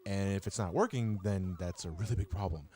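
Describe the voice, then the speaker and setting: Lowish-voiced man rambling on a stream. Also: mellow. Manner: rambling, halting explanations with many fillers. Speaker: charity stream host. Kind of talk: casual live-stream talk. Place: room with a multi-mic radio-style setup.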